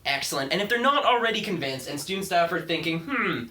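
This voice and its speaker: Playful student show co-host. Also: male voice, on the high side, lively intonation, fast talker, bright, forceful tone. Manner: playful, joking. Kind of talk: casual student show hosting.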